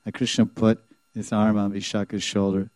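Guy telling a religious story, lowish mellow voice, animated, chuckles a lot. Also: moderate pace, dry recording. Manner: animated, chuckling, acts out the dialogue. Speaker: devotional storyteller. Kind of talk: sermon storytelling.

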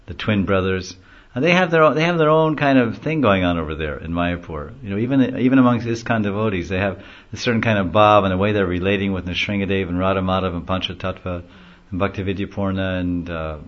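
A man with a low voice gives a devotional lecture, telling stories in a loose, conversational, rambling way. The recording sounds dull and lo-fi. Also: fast, few pauses. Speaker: devotional class speaker.

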